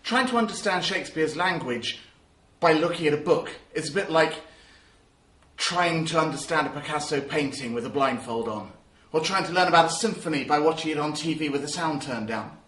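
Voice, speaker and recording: A man teaching about verse in a lively, emphatic way. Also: on the high side, a little fast, reverberant. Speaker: drama teacher. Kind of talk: spoken lesson.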